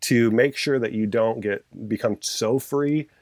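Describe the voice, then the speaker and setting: A man's voice: mid-range voice, unhurried, a little mellow, dry recording. A man in casual conversation, explaining his views earnestly and at length, with frequent restarts. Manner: earnest, passionate, rambling with restarts.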